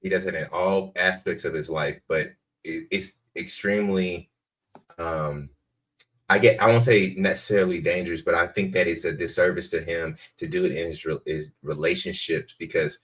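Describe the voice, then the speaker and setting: A man's voice: low-pitched, steady tone, moderate pace, fairly bright tone. A man giving earnest, reflective commentary on a dating show as a podcast co-host.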